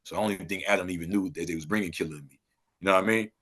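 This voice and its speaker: A man from Los Angeles talking loosely as a podcast guest, breaking into animated exclamations. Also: sits low, very fast, slightly rough. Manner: loose street talk, animated and exclaiming when riled. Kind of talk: casual interview chat.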